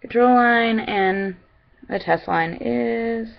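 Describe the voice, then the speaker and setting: A woman's voice: on the high side, slow, vocal fry, muffled recording. A young woman vlogging casually at home into a computer webcam, chatty, with lots of fillers and restarts. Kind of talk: casual personal vlog.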